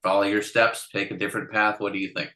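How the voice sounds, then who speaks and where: A man with a very deep voice and a bright, forceful edge hosts a podcast interview. He asks curious, meandering questions and often restarts his sentences. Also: flat delivery, fast. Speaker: podcast host. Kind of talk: conversational interviewing.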